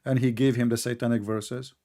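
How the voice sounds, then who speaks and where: A man hosting a live online debate, combative and mocking, who reads out scripture slowly and deliberately. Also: medium pitch, little pitch movement, warm tone. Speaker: debate host.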